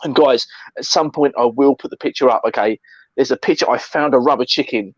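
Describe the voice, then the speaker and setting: Animated man telling stories. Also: mid-range voice, a little fast, no echo, muffled recording. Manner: animated storyteller, acts out others, swears. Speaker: co-host. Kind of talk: casual chat.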